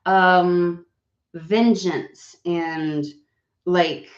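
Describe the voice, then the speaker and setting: Woman, low voice, sniffly, rambling tarot chat, dull lo-fi roomy recording. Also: steady tone, very slow. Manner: rambling, swearing, many fillers. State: recovering voice, sniffly. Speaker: tarot reader. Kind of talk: casual chat and card reading.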